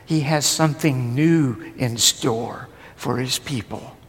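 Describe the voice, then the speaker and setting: A man preaching a sermon, pushing his voice up with force and then sinking into hushed, almost whispered passages. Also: mid-range voice, takes it slowly. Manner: rises and presses hard, then drops to a hushed near-whisper. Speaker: pastor. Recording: long hall reverb, faint noise.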